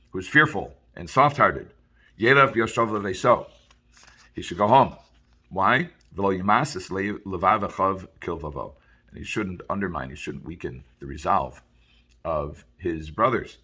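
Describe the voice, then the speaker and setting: A rabbi teaching a weekly Torah lesson. He has a lowish, bright, forceful voice. He reads a Hebrew verse, then translates it and explains it in plain speech. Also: breathy edge. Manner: sometimes chants a phrase in a slow, drawn-out sing-song. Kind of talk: Torah lecture.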